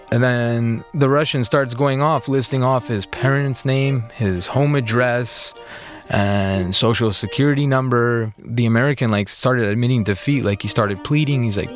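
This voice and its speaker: A man's voice: mid-range voice, normal speed, soft background music. A man being interviewed about his past, telling the story in a casual, conversational way with lots of "like" and "you know.".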